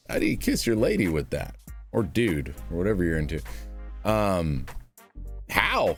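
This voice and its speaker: Scornful man with a lively low voice. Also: a little slow, pauses often, faint music behind. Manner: sarcastic, scornful, rambling with restarts. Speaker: reaction commentator. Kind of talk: mocking reaction commentary.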